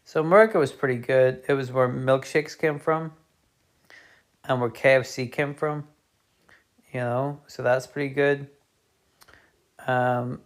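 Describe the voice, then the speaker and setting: A British man streaming, telling a meandering comedic monologue with chatty, offhand asides. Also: medium pitch.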